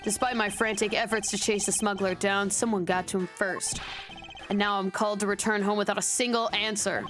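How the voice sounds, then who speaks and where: A woman's voice: medium pitch, steady tone, a little fast, music in the background, lightly acted. A woman streamer reading the lines of a proud, blunt male agent in her own voice, with stumbles. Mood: determined. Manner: reads with stumbles and self-corrections.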